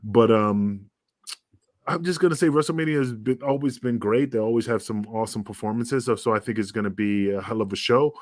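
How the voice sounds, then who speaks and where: A man's voice: on the low side, brisk, no echo, studio quality. A man co-hosting a wrestling talk show, talking casually and stammering as he rambles. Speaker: co-host. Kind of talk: casual chat.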